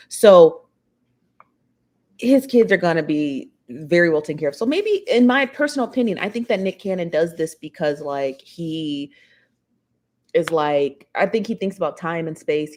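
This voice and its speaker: A woman's voice: deep voice, a little mellow. A woman hosting a live stream, chatting her opinions and reading viewer comments aloud. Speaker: livestream host reading chat. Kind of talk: casual chat.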